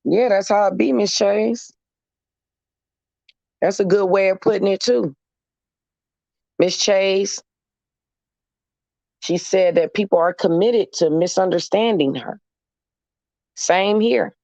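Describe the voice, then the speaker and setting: A man's voice: high-pitched, gravelly, darkish tone, no room sound. A man talking casually to camera in an emphatic, sassy, repetitive way, as in a vlog monologue. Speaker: vlogger. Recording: dull, dry lo-fi recording.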